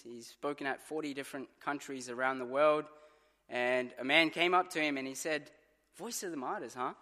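A man's voice: a little high, pushed and bright. Earnest male pastor in a reverberant church. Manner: earnest storytelling with dramatized quotes. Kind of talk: sermon.

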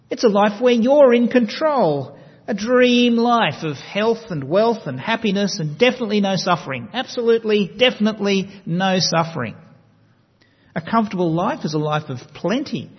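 A man preaching a sermon, measured and emphatic, slowing down to stress key words. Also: high-pitched, slightly rough. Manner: measured, emphatic delivery with slow stressed phrases. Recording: long reverb, dull lo-fi sound.

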